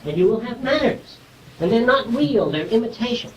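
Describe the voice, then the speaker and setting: A man's voice: extremely high pitch, animated, normal speed, far from the mic, noisy background. A man giving an informal, conversational lecture to a small group, explaining ideas and checking whether his listeners follow.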